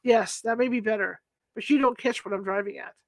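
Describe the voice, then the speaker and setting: A woman's voice: a little high, a little fast, dry recording, close to an everyday voice. A woman voicing an eager, touchy young male clerk who writes poems, in an audiobook reading, chatty and eager.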